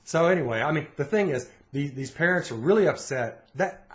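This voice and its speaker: Animated middle-aged man chatting. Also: a little high, a little fast. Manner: animated storyteller, acts out quotes. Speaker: podcast co-host. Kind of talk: casual chat.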